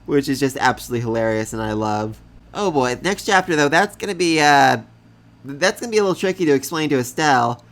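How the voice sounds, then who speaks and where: A man giving casual review commentary on a comic chapter, enthusiastic, often laughing and repeating words when excited. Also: mid-range voice, fast.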